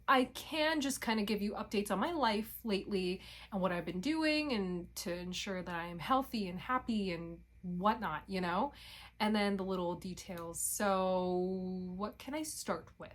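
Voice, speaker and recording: A young woman talking straight to her audience in a loose, rambling vlog. She keeps breaking off her own thoughts and swears in passing. Her pitch sits in the middle for a woman. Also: lively intonation, a little slow. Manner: rambling, self-interrupting, swears casually. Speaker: vlogger. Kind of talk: casual chat.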